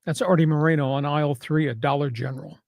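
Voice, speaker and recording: Brash and sarcastic, this sports podcast host talks fast with a punchy delivery, his slightly high voice gravelly and darkish with fairly even intonation. The audio is close and dry, without any room echo.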